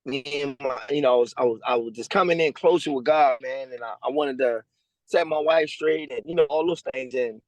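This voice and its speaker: A man, a guest telling his story over a remote call in a casual, slangy way and acting out other people's lines in a higher voice. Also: brisk, no room sound, low-quality recording. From Louisiana. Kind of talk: storytelling interview. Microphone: remote call over a weak connection.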